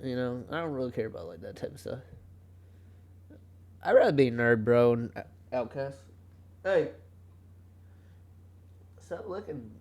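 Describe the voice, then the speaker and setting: A man's voice: medium pitch, animated, moderate pace, long pauses, darkish tone, dull audio. A young man hosting a solo podcast, talking casually in a rambling way, often cutting himself off and laughing. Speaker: podcast host. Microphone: home podcast mic.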